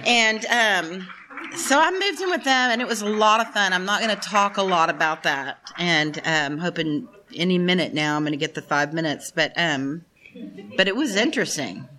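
A woman's voice: lowish voice, moderate pace, bright, forceful tone. A woman in her fifties giving a frank, personal testimony to a group at a recovery meeting, talking straight to the room, swearing and laughing often. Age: 50s. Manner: addresses the room directly. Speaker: speaker sharing at a recovery meeting.

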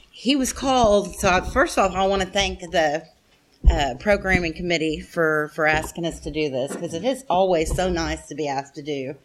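A middle-aged woman, a guest speaker at a recovery meeting, gives a heartfelt personal share to an audience in a meeting room. She's chatty and self-deprecating and calls the room "y'all." Her voice is fairly low and a bit bright.

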